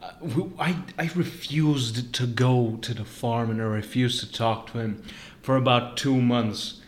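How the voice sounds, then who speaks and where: A man's voice: mid-range voice, a little slow, slight background noise. A young man from Serbia hosting a casual solo podcast, telling rambling stories full of swearing and self-mocking jokes. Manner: profane, rambling, self-mocking, laughs at his own jokes. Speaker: podcast host.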